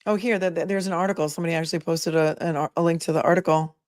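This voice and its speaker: A woman's voice: fairly low pitch, fairly even intonation, very fast, a little mellow, dry recording, clean studio sound. A woman attorney hosting a casual livestream, chatting with viewers and thinking aloud with many asides. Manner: reads viewer messages aloud. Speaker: attorney and commentator.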